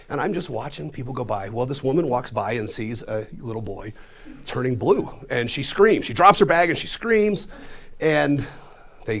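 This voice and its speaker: A man's voice: medium pitch, gravelly. A man in his fifties from Colorado, a magician telling a funny personal story to a live audience in a room. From Colorado, USA. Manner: animated, self-mocking.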